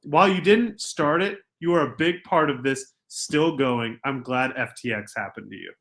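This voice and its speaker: A young adult man co-hosting a podcast, ranting in casual sports banter and swinging from quiet asides to loud outbursts. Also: medium pitch, moderate pace. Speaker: podcast co-host.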